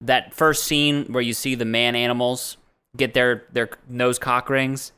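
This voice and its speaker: A man's voice: mid-range voice, level tone, unhurried, bright, forceful tone, smooth. A man co-hosting a casual podcast chat, thinking aloud in a bemused way with restarts. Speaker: podcast co-host.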